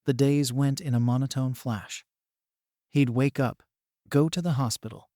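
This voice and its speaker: Mellow-voiced man reading a story. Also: mid-range voice, fairly even intonation, a little slow, no room sound, clean studio sound. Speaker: narrator. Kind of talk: storybook narration.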